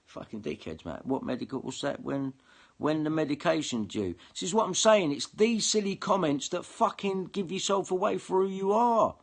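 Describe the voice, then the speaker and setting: Here a man with a creaky, fairly high voice rants at the camera at a moderate pace, his intonation lively. He's an online video commentator in full angry-monologue mode: combative, profane, and repetitive.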